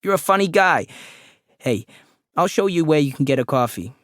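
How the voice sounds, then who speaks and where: A man's voice: medium pitch, expressive, a little fast, dry recording, studio quality, natural voice. A man voicing a short, bald, chatty office photographer with a nasal drawl who pants as he talks. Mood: chummy. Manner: eager, conspiratorial. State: panting.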